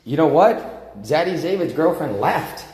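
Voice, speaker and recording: A man livestreaming from his apartment, rambling through profane, animated stories in casual chat. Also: a little high, measured pace, breathy edge. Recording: loud music playing under the voice.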